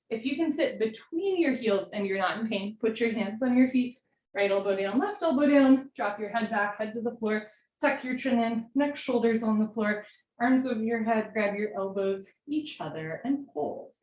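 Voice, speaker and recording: A young woman teaching a live yoga class, giving brisk step-by-step cues and getting breathy as she does the poses along with the class. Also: on the high side, a little mellow. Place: room at home, live video call. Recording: roomy sound from far off the mic, faint hiss.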